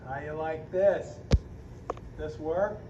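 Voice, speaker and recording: A man playing a cowboy in a skit answers in short, easygoing lines from well away from the mic. The sound is echoey and dull, and outdoor noise with a passing vehicle is plainly heard behind him. His voice sits a little high for a man. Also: steady tone, slow, far from the mic.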